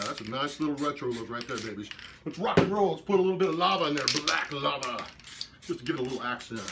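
A man's voice: medium pitch, very noisy. A man demonstrating abstract painting in his studio, talking in laid-back hipster slang and muttering to himself as he works. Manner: mutters quietly while working.

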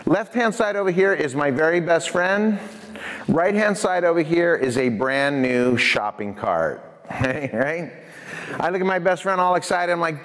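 A man giving a lively prevention talk to students, asking them questions, telling stories and laughing often. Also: on the high side, unhurried. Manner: animated storyteller, asks the audience questions, laughs often. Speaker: prevention specialist and youth speaker. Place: church hall. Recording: long hall reverb.

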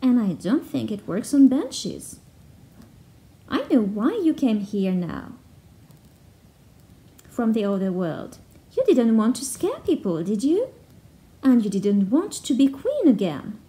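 A clever young girl from a storybook, read by a woman, explains things kindly and patiently. Her voice sits slightly high, with a soft, mellow warmth. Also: sing-song, slow pace, long pauses, heavily acted. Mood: gentle.

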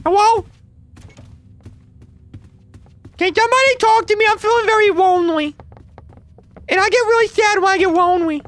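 A man's voice: quick pace, a bit bright. A man doing Timmy, a whiny little boy. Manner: high childish pleading, needy and pestering. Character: lonely whiny eight-year-old boy gamer. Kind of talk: voice-chat trolling.

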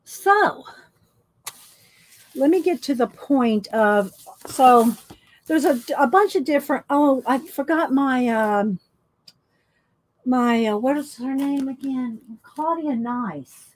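A woman's voice: sits high, slow pace, darkish tone, low-quality recording. A woman hosting an art channel, chatting casually and rambling as she shows her books. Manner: rambling, chatty, thinks aloud. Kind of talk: casual chat showing books.

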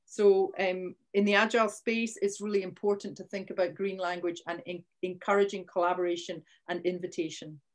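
A woman's voice: fairly low pitch, little pitch movement, brisk, hardly any pauses. A Scottish woman presenting a live online training session, chatty and often restarting her sentences. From Scotland. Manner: chatty, restarts sentences, punches key words. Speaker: workshop presenter. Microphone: video call.

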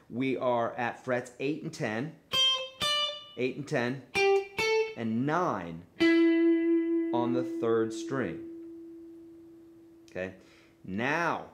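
Male guitar teacher, live lesson; relaxed, repetitive coaching, plain mid-low voice, soft guitar playing behind. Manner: relaxed, repetitive coaching with frequent "okay?" and "right?".

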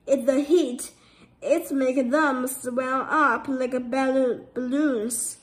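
A woman's voice: steady tone, takes it slowly. A woman voicing a greedy, sneaky male coyote faking a grandmother's voice in a storybook. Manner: faked high granny voice, stammering.

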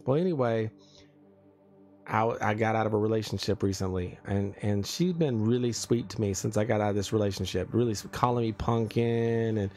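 A man's voice: fairly low pitch, a little mellow. A man hosting a casual livestream, ranting and teasing a friend with exaggerated indignation. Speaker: livestream host.

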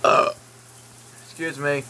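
Bright-voiced man rambling through a vlog. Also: slow pace, slight background noise, poor audio. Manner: rambling, jokey, swears, reads product listings aloud with asides. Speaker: YouTube vlogger. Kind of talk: casual vlog commentary while browsing online.

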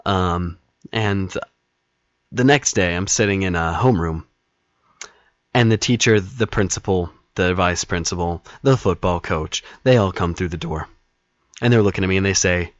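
A man telling a story in a casual, animated way, acting out scenes with dramatic flair. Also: deep voice, moderate pace, dry recording, lo-fi sound.

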